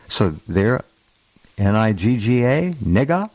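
A man's voice: mid-range voice, big pitch swings, a little slow, darkish tone, no room sound, muffled recording. A man hosting a talk show, speaking emphatically with hesitant starts.

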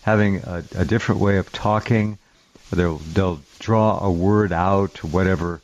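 A lower-pitched man hosts a talk show and chimes in quickly, mostly agreeing with his guest. The sound is muffled and lo-fi. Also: steady tone, a little mellow, slight background noise.

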